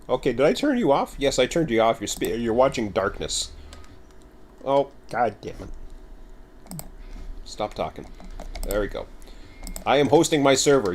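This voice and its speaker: A man hosts a casual game livestream from home, talking in a loose, rambling way and teasing himself. His voice sits a little low. Typing on a keyboard clicks in the background. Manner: rambling, chatty, self-mocking. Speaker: game streamer.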